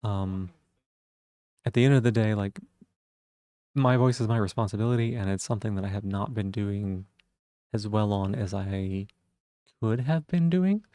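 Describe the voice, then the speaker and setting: Streamer guy chatting casually, low mellow voice w some fry, thinking out loud, dry sound. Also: moderate pace, pauses often, no echo. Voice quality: vocal fry. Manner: thoughtful, musing, self-reflective. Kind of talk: casual live-stream chat.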